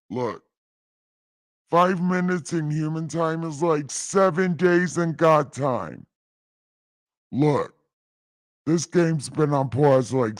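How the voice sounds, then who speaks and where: A man voicing God as a bossy, impatient gamer who calls out loudly and swears. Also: mid-range voice, dry recording. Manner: loud calling, swearing. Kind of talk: comic storytelling.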